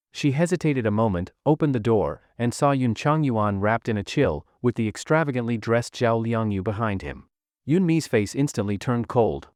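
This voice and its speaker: A man's voice: medium pitch, dry recording, studio quality. A man narrating a recap of a web comic in a dramatic storytelling manner.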